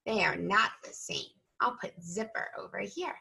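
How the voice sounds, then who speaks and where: A woman teacher leading an early-reading lesson for young children, slow and patient, stretching out each sound. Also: medium pitch, creaky, bright, forceful tone.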